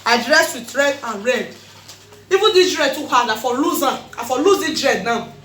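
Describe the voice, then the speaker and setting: A woman with a Nigerian accent, chatting casually in a vlog, animated and laughing often, repeating her phrases. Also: sits high, moderate pace, reverberant, slight background noise. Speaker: vlogger host.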